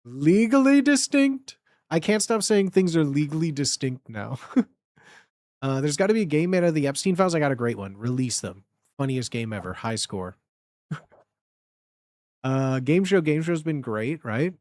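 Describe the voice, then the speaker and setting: A man's voice: on the high side, animated, moderate pace, long pauses, darkish tone, no echo. Giggly rambling young man streamer. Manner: rambling, giggly, crude joking. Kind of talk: casual stream chat.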